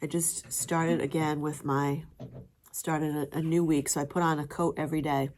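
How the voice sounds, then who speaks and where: A woman's voice: low voice, level tone, moderate pace, darkish tone, slight background noise. A middle-aged woman chatting casually to camera as a vlogger, rambling with fillers and laughing often.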